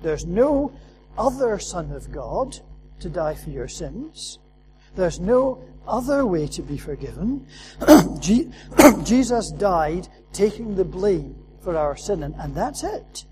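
A man's voice: high-pitched, sing-song, slow, darkish tone, a little hiss or hum, low-quality recording. A man preaching a sermon, earnest and emphatic, repeating his key phrases for weight.

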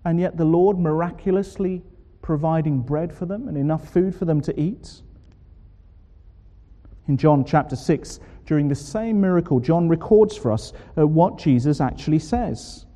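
A man preaching a sermon, expressive and full of rhetorical questions. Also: fairly high pitch, normal speed. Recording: long hall reverb.

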